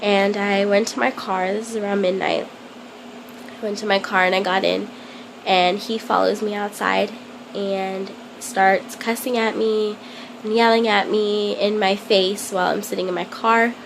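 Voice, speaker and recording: A young woman telling a personal story to camera in a hesitant, halting way, full of ums. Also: medium pitch, fairly even intonation, gravelly, noisy background. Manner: plain confessional telling. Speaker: vlogger.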